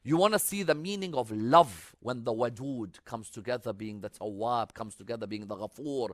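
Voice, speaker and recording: A man preaching a sermon, moving between loud, urgent exhortation and soft, intimate storytelling, and reciting Arabic scripture in a quick chanting lilt. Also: mid-range voice, no echo, clean studio sound. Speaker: religious preacher.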